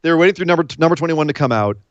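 Emotional excitable man recapping wrestling. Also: fairly high pitch, rapid-fire, dry recording, dull audio. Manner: excitable, gets choked up, emphatic. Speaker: podcast co-host. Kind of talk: casual wrestling recap chat.

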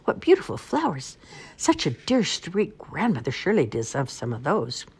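A woman's voice: a bass voice, very animated, moderate pace, slightly rough, heavily acted. A woman voicing a scheming, greedy male wolf in a storybook reading, with a crooning, theatrical manner. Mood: sly crooning.

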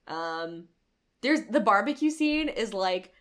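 A woman's voice: mid-range voice, takes it slowly. A young woman co-hosting a casual movie review chat, retelling scenes with lots of "like" fillers. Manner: chatty, frequent "like" fillers, animated retelling. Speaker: podcast co-host.

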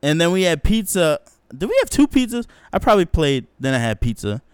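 A young man talks through a childhood story on his solo podcast, loose and full of slang and swearing. His voice comes across smooth and clean, recorded very dry and close with no room sound. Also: brisk, dry recording. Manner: animated, profane, slangy, acts out quotes in a higher voice. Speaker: podcast host.

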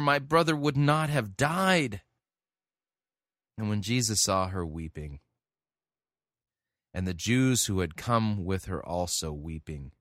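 A man preaching a sermon, reading scripture aloud and then explaining it in an earnest, halting way with many restarts. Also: low voice, a bit bright, no echo, clean studio sound. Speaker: pastor. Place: church.

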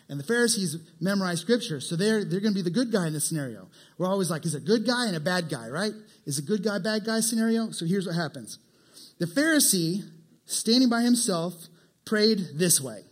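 A male preacher giving a casual, animated sermon and asking his listeners questions. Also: high voice, a little fast. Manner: animated, asks the crowd questions. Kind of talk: conversational sermon.

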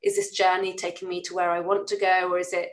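A woman's voice: fairly low pitch, little pitch movement, quick pace, poor audio. A woman hosting an interview, speaking reflectively in long, thoughtful questions. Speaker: podcast host. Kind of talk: interview conversation.

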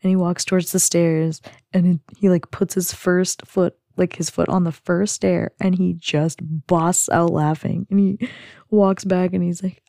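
A woman's voice: fairly low pitch, level tone, measured pace, vocal fry, dark tone, dry recording, clean studio sound. A woman host casually retelling a sitcom episode, chatty and giggly, filling her sentences with "like". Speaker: podcast host.

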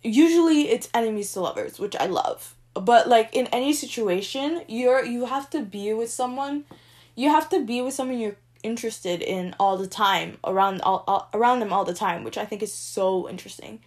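A woman's voice: on the high side, moderate pace. Gushing young woman ranking book tropes. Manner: gushing, animated, with big swings between squeals and murmurs. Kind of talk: casual chat.

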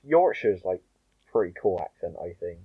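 A man's voice: deep voice, big pitch swings, moderate pace, breathy edge, no room sound, narrow, tinny audio. A young man with a Bristol accent, co-hosting a podcast in laid-back, rambling casual chat. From England. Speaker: podcast co-host.

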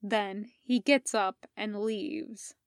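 A woman reading fan fiction aloud in an even, measured storytelling manner. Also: mid-range voice, no echo, studio quality. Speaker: podfic reader.

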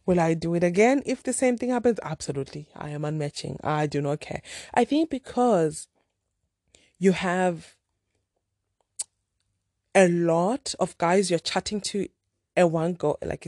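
Chatty female vlogger from Zimbabwe, warm low voice, dry close sound, rambling and frank. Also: dry recording. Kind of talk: casual storytime chat.

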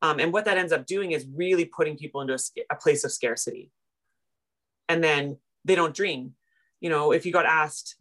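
In a relaxed interview, a Canadian woman who works as a personal finance coach recounts her story. She's animated and pokes fun at herself, rattling through retellings and leaping up in pitch whenever she quotes someone.

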